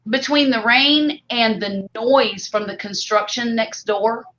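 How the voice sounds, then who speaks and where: Casting note: mid-pitched woman, blunt and emphatic, muffled audio. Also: slow pace, a bit bright. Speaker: co-host. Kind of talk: casual chat. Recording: dull audio with faint background noise.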